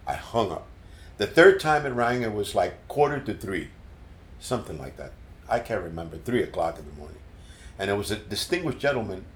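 An older man being interviewed as a musician, telling stories in an animated way and repeating words as he recalls them. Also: fairly low pitch, brisk, a little hiss or hum. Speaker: guest musician. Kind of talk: casual storytelling interview. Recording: roomy echo.

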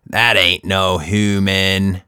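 A man voicing a gruff, cowardly sewer mouse with slangy street talk. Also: sits low, level tone, slow pace, sharp tone, no echo, studio quality, full character voice.

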